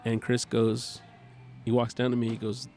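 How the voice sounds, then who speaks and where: Gravelly guy guest telling a story, animated and chatty, music going in the background. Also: medium pitch, moderate pace. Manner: animated, chatty storyteller who acts out dialogue. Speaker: podcast guest, cornhole player. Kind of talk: casual storytelling chat.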